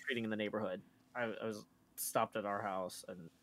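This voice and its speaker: A man's voice: lowish voice, steady tone, brisk, fairly bright tone. A man co-hosting a live stream, chatting in a rambling way full of fillers. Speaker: stream co-host. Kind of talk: casual chat on a live stream.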